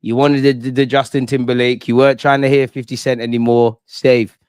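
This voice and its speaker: The speaker is a young male football fan channel host giving an excitable live reaction after a match, full of slang and swearing, reading chat aloud. His voice is medium-pitched, smooth and a little fast, recorded close and dry with no echo.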